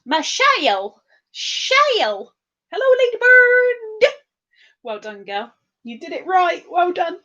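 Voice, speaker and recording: A woman's voice: extremely high pitch, very animated, slow pace, bright, forceful tone, muffled recording. A tired woman hosting a casual live stream, chatting bubbly and greeting viewers by name with big upward swoops.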